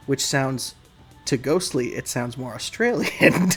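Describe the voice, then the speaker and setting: A man's voice: mid-range voice, expressive, slow pace, fairly bright tone, soft background music. A man giving casual, rambling, self-deprecating behind-the-scenes commentary on a game he developed.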